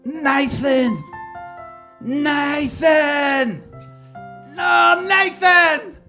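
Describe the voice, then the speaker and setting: A man voicing a prim British woman, a mother of two, in a high put-on voice that climbs into frantic screams. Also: animated, moderate pace, darkish tone, faint music behind. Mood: screaming.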